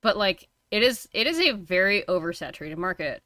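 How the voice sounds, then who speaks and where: A woman's voice: mid-range voice, sing-song, fairly quick, sharp tone, no echo. A woman co-hosting a casual podcast, chatty and blunt, laughing easily and swearing. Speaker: co-host and streamer.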